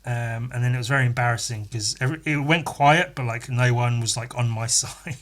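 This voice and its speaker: Sweary, sardonic man with a bright voice. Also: mid-range voice, fairly quick. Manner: sweary, sardonic, laughs often. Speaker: podcast host. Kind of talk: casual storytelling monologue.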